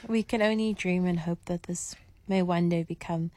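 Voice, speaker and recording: A woman co-hosting a chat show, telling stories in a chatty way with quick bursts. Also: lowish voice, steady tone, darkish tone, dry recording. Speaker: radio co-host. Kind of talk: casual radio chat.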